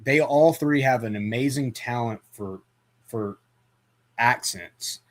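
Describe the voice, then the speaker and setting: A man's voice: medium pitch, takes it slowly, a crowd in the background. A man hosting a casual movie chat, rambling with lots of fillers and restarts. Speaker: podcast host.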